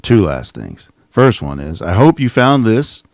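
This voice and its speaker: A middle-aged man with a low, gravelly voice and plenty of vocal fry rambles sarcastically through a casual livestream. He speaks close to the mic in a dry, dead room, with a mocking, offhand tone. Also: wildly swooping pitch, measured pace, no echo. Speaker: channel host. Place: home office.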